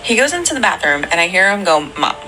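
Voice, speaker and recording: A woman's voice: medium pitch, big pitch swings, quick pace, over music, rough recording. A woman and mother rambling through a creepy story from her home, full of fillers. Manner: rambling, filler-heavy talk. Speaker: parent telling a story. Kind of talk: casual storytelling.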